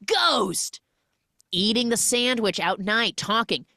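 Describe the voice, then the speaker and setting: Woman podcast host doing a jokey movie recap, says like a lot, lowish voice, dead dry sound. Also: unhurried, dry recording. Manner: animated, jokey, lots of 'like'. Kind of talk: animated film recap.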